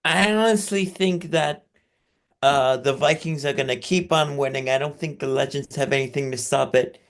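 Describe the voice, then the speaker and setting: A man's voice: medium pitch, moderate pace. A man co-hosting a casual football show, lighthearted as he gives his pick. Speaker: co-host. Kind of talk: casual sports chat.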